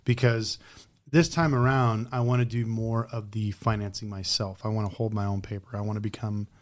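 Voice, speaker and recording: Speaking at a moderate pace in a voice on the low side, a man who used to sell cars gives a blunt, animated interview in Las Vegas. He acts out conversations he had with customers as he tells his stories.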